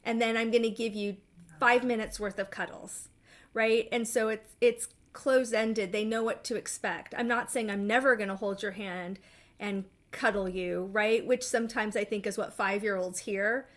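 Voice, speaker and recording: A middle-aged woman therapist explaining steps in a measured way, often checking in with "right?". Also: medium pitch, steady tone, a bit bright. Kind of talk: therapy session talk.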